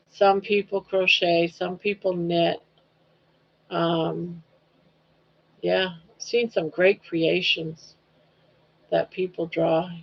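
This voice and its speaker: Gravelly older woman chatting on livestream. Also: on the low side. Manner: rambling, reads chat comments aloud, coos at her dog. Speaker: livestream host. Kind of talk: casual chat. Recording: dull lo-fi livestream audio.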